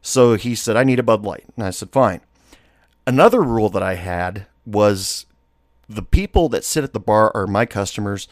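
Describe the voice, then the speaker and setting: A low-pitched man tells a long bar story in a loose, rambling way, full of fillers and false starts. The recording is dry and close, with no room sound. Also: expressive, moderate pace, no echo. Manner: rambling, with many fillers and restarts. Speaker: former bartender telling a story. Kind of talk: casual storytelling.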